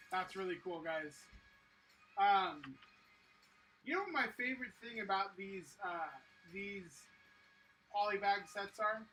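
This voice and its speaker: Livestream host, excitable chat, bright tone, mid pitch, slightly off-mic, faint noise. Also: distant mic, poor audio. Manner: excitable, enthusiastic, many fillers. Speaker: livestream host building sets. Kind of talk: casual chat reading viewer comments.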